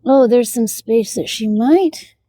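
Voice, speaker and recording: A woman's voice: a little high, slow pace, dark tone. A woman beekeeper narrating her hive inspection outdoors in a casual, chatty way, muttering asides to herself and talking to her bees. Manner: talks to the bees. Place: outdoors by a beehive.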